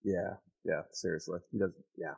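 A man's voice: low voice, steady tone, moderate pace, creaky, a little mellow, breathy edge, muffled recording. A man co-hosting a podcast, laid-back and slangy, chatting casually and calling people dude and bro. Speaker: podcast co-host. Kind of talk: casual chat.

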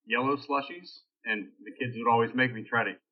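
A man's voice: mid-range voice, a little fast. A man hosting a casual podcast, rambling and joking loosely before laying out the week's topic, heard over a tinny phone-like line. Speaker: podcast host. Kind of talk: casual chat.

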